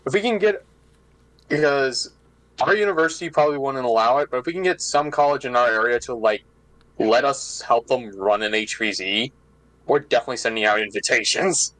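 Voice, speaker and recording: Casting: eager young-sounding club leader, rambling and chatty, dry close sound. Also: male voice, mid-range voice, brisk, a bit bright, dry recording, rough recording. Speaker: club leader joining a meeting. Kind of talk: casual meeting talk.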